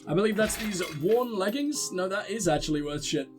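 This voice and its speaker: Young male gamer, high-pitched, sardonic and profane, casual playthrough commentary over light game music. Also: animated, fairly quick. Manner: sarcastic, swears often. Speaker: let's play gamer.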